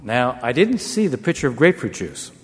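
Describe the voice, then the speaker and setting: A man, a former negotiator, telling a wry anecdote to an audience in a measured way. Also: mid-range voice, very animated, background noise. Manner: measured, wry storytelling with brief chuckles. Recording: long hall reverb.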